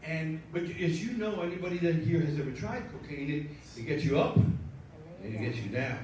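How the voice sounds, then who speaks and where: Rambling, cursing storyteller joking with the crowd; slightly high voice in an echoey room. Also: male voice, expressive, moderate pace, a little mellow, slight background noise. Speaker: storyteller and show producer. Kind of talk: live storytelling performance. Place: live event room with an audience. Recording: echoey room, mic at a distance.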